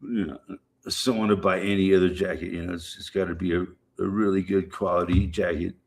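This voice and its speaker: A middle-aged man with a fairly low voice rambles casually to his livestream viewers. He swears freely, circles back and repeats himself as he chats. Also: fairly even intonation, fairly quick, darkish tone. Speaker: livestream host.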